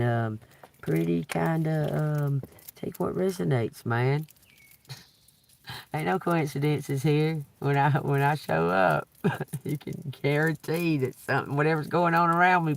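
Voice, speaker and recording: A man's voice: fairly high pitch, fairly even intonation, unhurried, gravelly. Loose, profane man giving a tarot reading. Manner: rambling, profane, chuckles often. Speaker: tarot reader. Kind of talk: casual live-stream reading.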